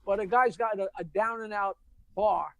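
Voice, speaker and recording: A man, a comedian guest, telling jokes in quick, punchy casual chat. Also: sits high, steady tone, gravelly, dry recording. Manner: rapid, punchy storyteller, laughs at his own punchlines.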